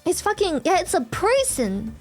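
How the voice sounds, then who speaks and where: High-voiced woman ranting on stream. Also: moderate pace, soft background music. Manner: animated ranting, swears freely, reacts to chat. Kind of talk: casual live-stream chat.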